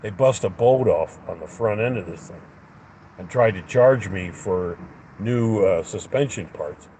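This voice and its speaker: A man's voice: on the low side, measured pace, dark tone, slight background noise, poor audio. Profane fuming man ranting. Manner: profane, fuming, acts out both sides of the argument. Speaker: livestreamer. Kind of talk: angry ranting story.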